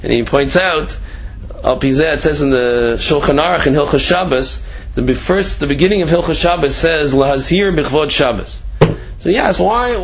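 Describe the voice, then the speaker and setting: Gravelly-voiced man telling a Torah story. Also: a little high, dull audio, slight background noise. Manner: conversational, acts out voices in the story with laughs. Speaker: Torah teacher. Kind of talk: Torah class with a told story.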